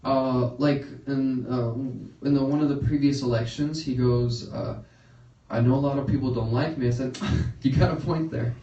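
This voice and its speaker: A young man doing a stand-up set, laughing at his own jokes and jumping into high yelps when he acts out his reactions. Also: fairly even intonation, moderate pace, dark tone, muffled recording. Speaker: stand-up comedian. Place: comedy studio stage. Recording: roomy, picked up from a distance.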